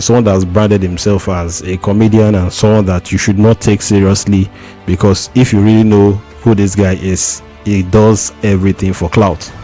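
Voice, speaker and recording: A man's voice: on the low side, dark tone. A man giving casual commentary and reading out posts in a conversational way. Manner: conversational, reads out tweets. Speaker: commentary host.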